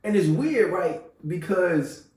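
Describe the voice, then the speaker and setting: A man co-hosting a casual sports podcast, animated and laughing, slipping into quick impressions. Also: high-pitched, recorded from a distance. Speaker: podcast co-host. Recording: roomy sound from off the mic.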